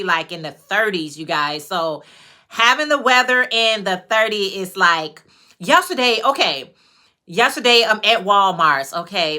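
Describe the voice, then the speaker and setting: A woman's voice: medium pitch, pushed and bright. A woman from Chicago with a Chicago accent, chatting casually with her viewers on a livestream while she crochets hats. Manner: chatty, greets viewers by name, drawn-out phrases. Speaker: livestream host and crochet maker.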